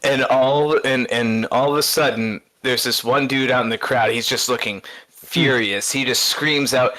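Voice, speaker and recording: A man chatting on a podcast, retelling things with eager, rambling energy. He stumbles, repeats words and breaks into laughter, at an everyday pitch. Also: unhurried. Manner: excitable rambling storyteller, stammers and laughs. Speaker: podcast co-host. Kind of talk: casual podcast chat.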